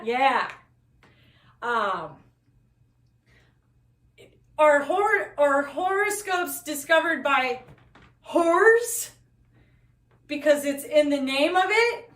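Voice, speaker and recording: A woman with a high voice tells corny one-liners on a live comedy stage, tossing apologies between jokes as she hula hoops. She speaks slowly and stands well back from the mic in an echoey room. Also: expressive, fairly bright tone, far from the mic. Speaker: stand-up comic. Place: live comedy telethon venue.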